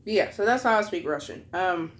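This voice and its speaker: A young woman telling a story in a casual mukbang vlog, full of fillers, with a slightly higher voice when she quotes people. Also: lively intonation, normal speed. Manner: chatty, many fillers, acts out quotes in a higher voice. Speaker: vlogger.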